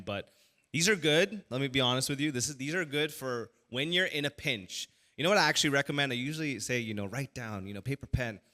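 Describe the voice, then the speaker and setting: A male pastor talking casually to his congregation from the stage. His tone is bright and forceful, and he talks in an animated way, stumbling through fillers and restarts as he goes. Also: medium pitch. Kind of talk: casual teaching talk to a church audience.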